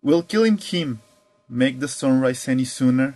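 A man voicing a wise, calm old tribal chief who speaks slowly and deliberately. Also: medium pitch, no room sound, natural voice. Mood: pleading questions. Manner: slow, deliberate, questioning.

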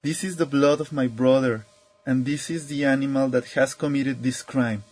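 A man voicing a fierce, vengeful young girl who speaks loudly and accusingly. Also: mid-range voice, fairly even intonation, normal speed, natural voice. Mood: furious. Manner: loud, accusing.

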